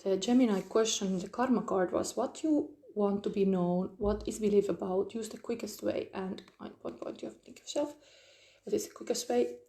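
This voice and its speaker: Mellow-voiced woman rambling through a tarot reading. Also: mid-range voice. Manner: rambling, searching for words, frequent fillers. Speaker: tarot reader. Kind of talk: live-streamed tarot reading.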